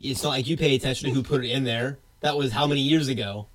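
Man podcast co-host, mid-pitched, blunt and wry, casual swearing. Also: fast. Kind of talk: casual chat.

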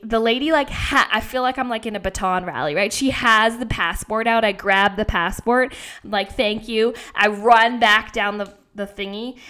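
A woman's voice: on the high side, a bit bright. A young woman hosting a podcast, telling a story casually and animatedly, acting out her own lines and swearing freely. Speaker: podcast host.

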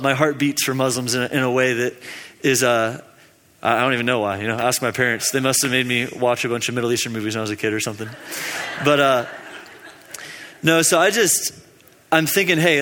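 A man's voice: mid-range voice, a bit bright, big-room sound. A young man giving a casual, storytelling sermon at a midweek teaching, rambling and chatty, with plenty of fillers and laughs at his own jokes.

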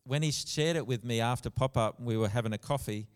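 A man preaching a sermon in a church, earnest, with soft passages and loud emphatic bursts. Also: medium pitch, brisk. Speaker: pastor. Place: church hall. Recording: long church reverb.

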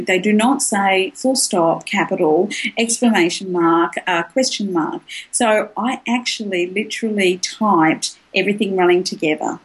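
A woman with a husky, breathy voice, pitched a little low. She speaks frankly and at length as an interview guest, telling her story with frequent laughter. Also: rough recording. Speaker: author and clairvoyant guest. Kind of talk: candid personal storytelling in an interview.

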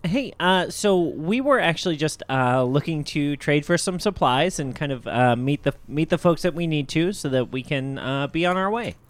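A man chats through a tabletop session in a voice that swoops up and down. He sits a little above the usual male pitch and keeps a joking, easygoing manner. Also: expressive, normal speed, few pauses, no room sound. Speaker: player. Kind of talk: casual chat in a tabletop game.

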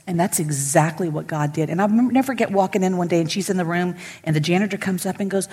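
A middle-aged woman pastor, preaching emphatically to women and swinging from loud to whispered. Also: lowish voice, a little fast, husky, long reverb tail. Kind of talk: sermon to women. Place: church sanctuary.

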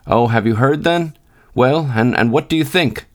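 A man's voice: medium pitch, lively intonation, brisk, lightly acted. A man voicing a cheery, hearty older engine driver in a storybook reading, with a coaxing manner.

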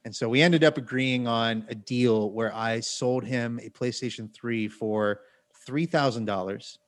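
A man telling a story on a podcast in an ordinary, mid-pitched voice. His delivery is loose and rambling, with plenty of restarts and asides. A wry, self-deprecating tone runs through it. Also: measured pace. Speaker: podcast co-host. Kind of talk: casual storytelling.

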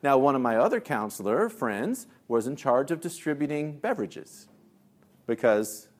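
A male discipline trainer giving a lively workshop talk, telling stories, acting out voices and laughing at his own jokes. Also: mid-range voice. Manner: lively storyteller who acts out voices.

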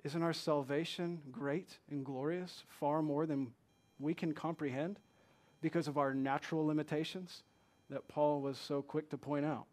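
A man preaching a sermon, slowing to read scripture and building to emphatic rhetorical questions. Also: a little high, steady tone, darkish tone. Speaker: pastor.

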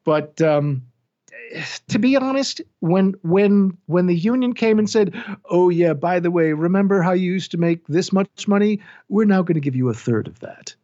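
A middle-aged man, an audiobook narrator, chatting in an interview in an animated, self-deprecating way, often restarting his sentences. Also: high-pitched, moderate pace. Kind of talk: casual interview chat. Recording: dull lo-fi sound.

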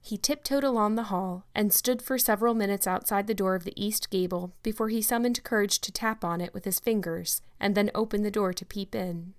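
A woman reads a classic novel aloud in a steady, measured narration. Her pitch sits in the middle range for a woman. The delivery is even and unhurried. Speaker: audiobook narrator. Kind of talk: scripted narration.

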